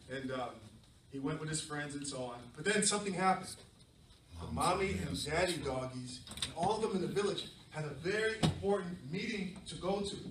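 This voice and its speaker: A middle-aged man from southern New England, a storyteller telling a lively, playful story to children. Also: on the high side, a little hiss or hum. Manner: animated, playful, many fillers. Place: library event room. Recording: echoey room from far off.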